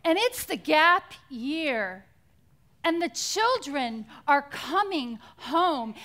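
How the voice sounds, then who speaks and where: High, bright-voiced woman preaching slowly. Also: sing-song. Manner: dramatic, drops to near-whispers for quoted words. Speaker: conference speaker. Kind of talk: inspirational Christian talk.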